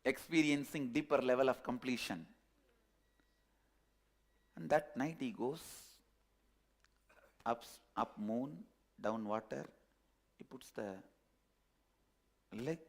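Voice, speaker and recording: A man telling a parable as a spiritual teacher, animated and repetitive. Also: mid-range voice, slow, long pauses. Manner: animated storytelling, repetitive phrasing. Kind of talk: storytelling sermon.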